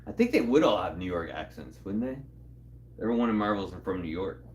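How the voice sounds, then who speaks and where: A man's voice: deep voice, sing-song, a little fast, darkish tone. A man chatting casually as co-host, chiming in with questions and jokes. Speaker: comic channel co-host. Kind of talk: casual chat.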